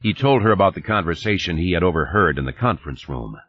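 A male narrator reads a novel with a deep, husky voice and a lively rise and fall. The recording sounds dull and lo-fi. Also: fast talker, no room sound. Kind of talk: audiobook reading.

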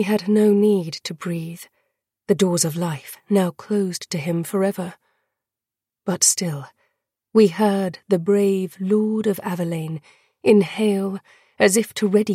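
A woman narrating a dark fantasy audiobook in a slow, hushed, dramatic way. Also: medium pitch, steady tone, breathy edge, dry recording, clean studio sound.

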